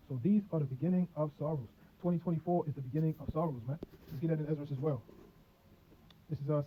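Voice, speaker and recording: Fast-talking preacher on a tinny line. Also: male voice, on the high side. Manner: reads verses then explains in loose slang. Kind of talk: scripture teaching. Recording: tinny phone-like audio with faint music.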